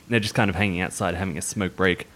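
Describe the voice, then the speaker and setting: A man's voice: low voice, fairly even intonation, racing, fairly bright tone, a little hiss or hum. A man with an Australian accent narrating a tabletop game as game master, casual and full of fillers. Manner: casual, filler-heavy storytelling.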